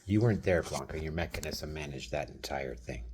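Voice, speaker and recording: A man's voice: a bass voice, lively intonation, brisk, a little mellow, a little hiss or hum. A man in his thirties venting in a rambling monologue to camera, addressing someone who isn't there and dropping into whispered asides. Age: 30s. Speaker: vlogger.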